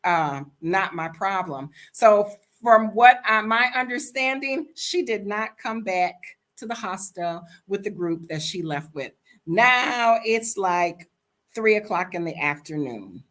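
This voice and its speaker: A woman's voice: medium pitch, animated, takes it slowly, a bit bright. An older woman from the United States, bluntly and animatedly telling a travel story to her vlog audience. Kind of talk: casual storytime monologue.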